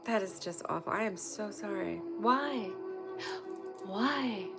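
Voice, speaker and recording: A woman's voice: medium pitch, lively intonation, moderate pace, vocal fry, over music. A woman hosting a casual live online session from home, chatty and candid, swearing freely when something annoys her. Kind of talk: casual live-stream chat. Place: at home indoors by a fireplace.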